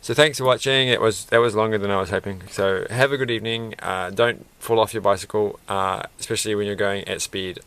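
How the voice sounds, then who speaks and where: A man's voice: on the low side, fairly even intonation, a little fast, few pauses, fairly bright tone, clean tone, dry recording. A man rambling through a toy build with self-mocking, off-the-cuff commentary, laughing at his own jokes. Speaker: toy reviewer building a set.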